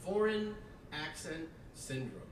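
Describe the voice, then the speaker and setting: Brash male stand-up comic, lively pitch. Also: slow, distant mic, crowd noise. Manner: brash, mock-outraged, swears freely. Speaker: stand-up comedian. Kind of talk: stand-up comedy set. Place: stage before a live audience. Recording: echoey stage audio heard from afar.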